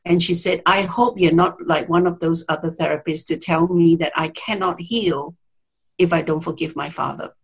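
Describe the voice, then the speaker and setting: A woman's voice: fairly low pitch, steady tone, moderate pace, gravelly, breathy edge, rough recording. A woman therapist telling a client story in an interview, speaking reflectively, with hesitant restarts and quoted dialogue, over a video call. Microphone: video call mic.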